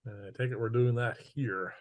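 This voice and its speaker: A man playing a tabletop game, chatting casually with short, quick reactions. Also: medium pitch, steady tone, no echo. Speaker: player.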